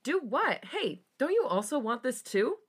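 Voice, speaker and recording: A woman's voice: sits high, sing-song, a little slow, husky, voice pushed up, exaggerated voice. A woman reading a fanfic aloud, voicing a nonchalant, dismissive young man in a casual, shrugging way.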